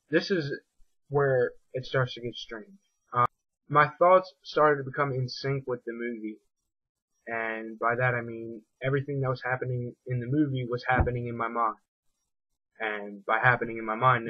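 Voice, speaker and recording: A man's voice: medium pitch, no room sound. A young man casually telling a personal story in a reflective, rambling way. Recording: dull lo-fi dry recording.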